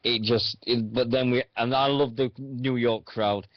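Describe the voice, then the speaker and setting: A man's voice: mid-range voice, fairly even intonation, unhurried, no room sound. A man hosting a radio show, chatting casually about wrestling in a rambling, hesitant way. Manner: rambling, hesitant with many fillers. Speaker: radio host. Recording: dull dry sound.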